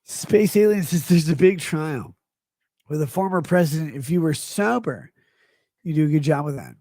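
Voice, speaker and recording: A middle-aged man livestreaming, reading chat comments aloud in a slurred, rambling way that swings between mumbles and loud outbursts. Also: fairly high pitch, lively intonation, normal speed, no echo, studio quality. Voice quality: gravelly. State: drunk.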